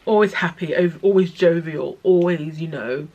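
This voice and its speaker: A young woman telling a personal story in her vlog, tearful and halting, with many pauses and restarts. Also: lowish voice, mellow, highs cut off. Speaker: vlogger.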